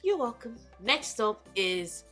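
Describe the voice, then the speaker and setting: Lady vlogging about books, gushy and sweary, bright voice, bit of music behind. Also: a little high, takes it slowly. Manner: animated, gushing, swears freely. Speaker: book YouTuber. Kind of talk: casual vlog chat. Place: home in Lagos.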